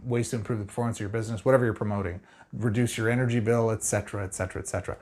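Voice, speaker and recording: A middle-aged man giving sales tips straight to the camera, energetic and conversational. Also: medium pitch. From Arizona. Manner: energetic, conversational, fast-talking. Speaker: sales trainer.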